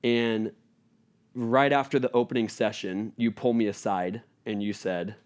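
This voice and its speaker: A man's voice: lowish voice, steady tone, a little slow, clean tone. A middle-aged man, a pastor co-hosting a podcast, telling their story candidly and reflectively in casual conversation with his wife.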